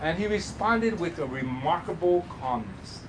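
A man's voice: a little high, expressive, normal speed, slight background noise, low-quality recording. A man preaching as pastor at a church service, emphatic, drawing answers from the congregation. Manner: emphatic preaching with call-and-response. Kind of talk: sermon.

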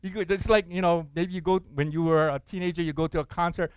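Animated preacher man, dry close sound. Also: fairly high pitch, fast talker, clean tone, dry recording. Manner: animated preaching, acting out quoted voices and asking the congregation questions. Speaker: pastor. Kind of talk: sermon.

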